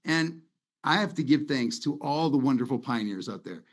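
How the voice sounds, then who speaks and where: A man's voice: medium pitch, expressive, normal speed. Rambling middle-aged man hosting a webinar. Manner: conversational, rambling, sentimental. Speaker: webinar host. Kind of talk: casual presentation over slides. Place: home office. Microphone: video call.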